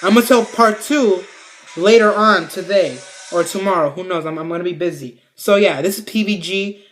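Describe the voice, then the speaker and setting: A man's voice: sits high, normal speed, fairly bright tone. A man telling a story in a casual vlog, rambling, swearing freely, and full of fillers. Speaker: vlogger.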